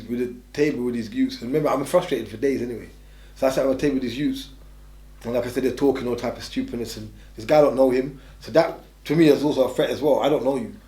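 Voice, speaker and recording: Fast-talking blunt man, roomy sound. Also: medium pitch, warm tone. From England. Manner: blunt, rambling, restarts a lot. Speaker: interviewee. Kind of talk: candid storytelling. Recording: roomy echo.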